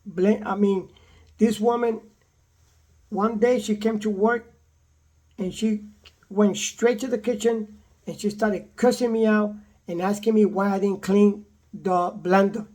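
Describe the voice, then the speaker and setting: An older man casually telling a personal story in a repetitive, animated way, quoting the people in it. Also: high voice, a little slow, long pauses. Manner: repetitive, animated retelling with acted quotes. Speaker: vlogger telling his own story.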